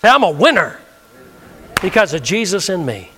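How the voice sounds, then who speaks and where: A man's voice: sits high, big pitch swings, normal speed, sharp tone, slightly rough. A male pastor preaching a sermon, leading the congregation in call-and-response with emphatic delivery. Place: church sanctuary.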